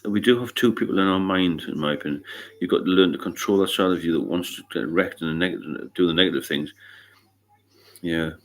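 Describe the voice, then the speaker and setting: A middle-aged man from England hosting a casual livestream chat, talking bluntly, swearing freely and wandering into anecdotes. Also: deep voice. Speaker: livestream host.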